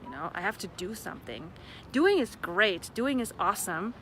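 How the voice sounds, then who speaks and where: A woman with a bright, clear voice gives a chatty, playful motivational talk outdoors. She is relaxed and quick to laugh, and she repeats set phrases. A faint hum of traffic sits behind her. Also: medium pitch. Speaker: facilitator of a personal-development class. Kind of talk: casual motivational talk to camera.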